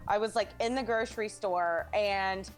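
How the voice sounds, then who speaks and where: A woman's voice: medium pitch, fairly even intonation, normal speed, soft background music. A young American woman, a podcast guest, chatting casually and telling stories with lots of fillers. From United States. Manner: chatty storyteller, frequent fillers. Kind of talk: casual chat.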